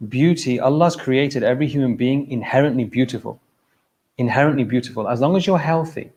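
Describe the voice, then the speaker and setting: A man from England, speaking at a mosque event, delivers a casual sermon in the mosque hall with a brisk, mid-range, slightly mellow voice. He addresses the congregation directly, frequently checking in with "okay?" and "look" and laughing briefly.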